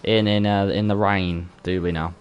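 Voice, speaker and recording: A man's voice: fairly low pitch, fairly even intonation, normal speed, clear, resonant tone, dull audio. A man with a Birmingham accent giving chatty live commentary on an online racing league, laughing easily and tripping over names. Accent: Birmingham (Brummie). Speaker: esports race commentator. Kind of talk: live-streamed race commentary.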